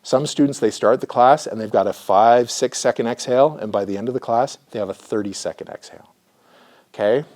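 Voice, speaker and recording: A therapist teaching a class gives an educational lecture, demonstrating slow breathing and frequently checking in with "right?". His mid-range voice is a little mellow.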